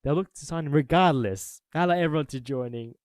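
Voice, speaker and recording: A man making a football reaction vlog, excitable, repeating his exclamations and laughing loudly. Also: on the high side, a little fast, no echo. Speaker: football fan YouTuber.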